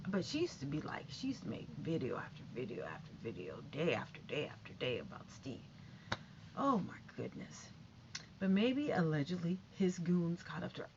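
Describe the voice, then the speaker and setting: A woman's voice: medium pitch, lo-fi sound, noisy background. A woman vlogging casual celebrity gossip in a chatty, catty way, full of asides and repeated no's.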